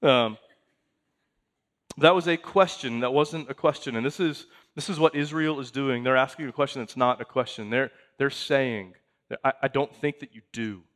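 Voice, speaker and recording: A man's voice: medium pitch, moderate pace, a bit bright. A man in his thirties, a pastor preaching a sermon in a conversational way, reading scripture aloud and making asides to the congregation.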